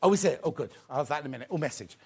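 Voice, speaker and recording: A man hosting a live shopping show, chatty and excitable, often repeating his phrases. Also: a little high, rapid-fire, vocal fry, slightly rough. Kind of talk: live sales presentation.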